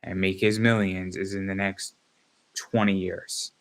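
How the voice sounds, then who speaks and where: A man's voice: low-pitched, flat delivery, unhurried. A man in his thirties hosting an interview show, chatting loosely with many fillers and restarts. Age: 30s. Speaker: podcast host. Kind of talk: casual interview chat.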